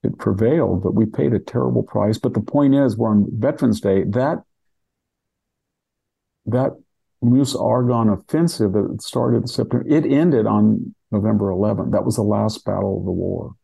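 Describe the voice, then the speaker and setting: A man's voice: on the low side, moderate pace, gravelly, mellow, husky. An older man from California talking through history in a rambling, casual way, with many restarts and asides. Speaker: podcast host discussing history.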